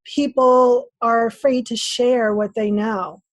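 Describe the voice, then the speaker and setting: Woman guest, lively storyteller, slightly high pitch, dry booth sound. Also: slow pace, no echo. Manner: animated storyteller acting out her own inner voice. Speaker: podcast guest. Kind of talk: casual interview talk.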